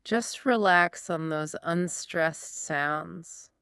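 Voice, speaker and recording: Woman, lesson podcast co-host, friendly, lowish voice, clear and smooth. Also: drawn-out words, a bit bright, dry recording, clean studio sound. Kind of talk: scripted teaching dialogue.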